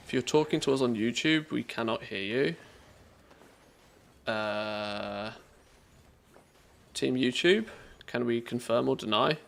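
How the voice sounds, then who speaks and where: A man's voice: mid-range voice, slow, creaky, pauses often. A man streaming live, talking casually and rambling, restarting his thoughts mid-sentence.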